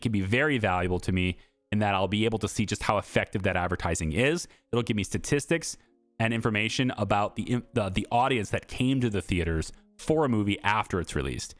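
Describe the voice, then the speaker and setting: A man hosting a gameplay video, chatting casually and thinking out loud with lots of fillers. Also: lowish voice, no echo.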